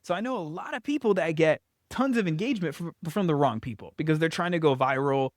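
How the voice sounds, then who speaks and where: A man talking on camera about marketing in a loose, off-the-cuff way, full of "like" and self-corrections. His voice sits a little high for a man. The sound is dry and close, with no room echo. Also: lively intonation, quick pace. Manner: conversational, frequent fillers and restarts. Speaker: business coach. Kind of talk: casual talking-head advice video.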